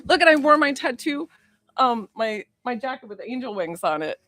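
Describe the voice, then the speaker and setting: A woman psychic healer chatting on a livestream, excitable and rambling, swearing now and then. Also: fairly high pitch, normal speed, soft background music. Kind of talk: casual livestream chat with viewers.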